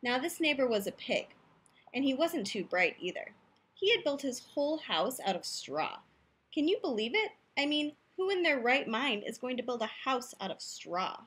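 A woman's voice: sits high, big pitch swings, normal speed, fairly bright tone, slightly rough. A woman playfully reading a picture book aloud, telling the story in first person as the wolf, in a youth room.

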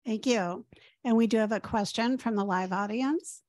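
A woman's voice: a little high, normal speed, darkish tone, no room sound. A woman moderating a panel, brief and polite.

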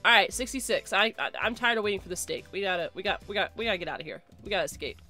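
A woman's voice: mid-range voice, expressive, racing, sharp tone, faint music behind. A woman streaming a game live, chattering and reacting, often repeating phrases in a rush and shrieking when things go wrong. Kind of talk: live gameplay commentary.

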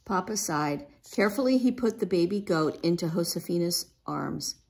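A woman reading a children's book aloud in a gentle, expressive way. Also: lowish voice, normal speed, creaky. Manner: gentle, expressive, lifts her voice for a young girl's lines. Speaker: storybook reader.

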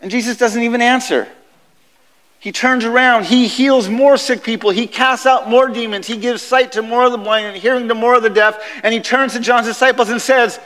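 High-voiced man preaching in an echoey chapel. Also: normal speed. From United States. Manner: animated storytelling, conversational. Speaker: guest chapel speaker. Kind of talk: sermon. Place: university chapel.

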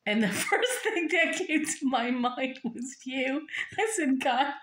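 A woman's voice: sits high, expressive, slow, fairly bright tone, slight background noise. A woman telling a funny story straight to her viewers, talking casually and breaking into laughter again and again. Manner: giggly, keeps breaking into laughter. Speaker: storyteller vlogger. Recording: echoey room.

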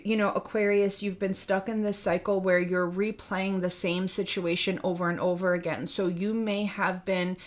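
A woman's voice: medium pitch, fairly even intonation, moderate pace. A woman giving a tarot reading for viewers, earnest and a little out of breath, often calling the listener by star sign and checking in with "okay?". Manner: earnest, addresses the listener by star sign, asks rhetorical questions ending in "okay?". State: slightly out of breath. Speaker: tarot reader.

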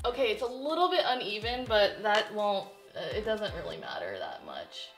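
Bright excitable young woman vlogging. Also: medium pitch, normal speed, few pauses. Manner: excitable, gushing, lots of gasps and exclamations. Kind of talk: casual vlog chat. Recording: roomy echo with faint background music.

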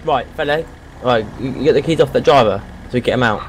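A man playing a police sergeant in a game role-play, brisk and procedural. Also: medium pitch, slightly rough.

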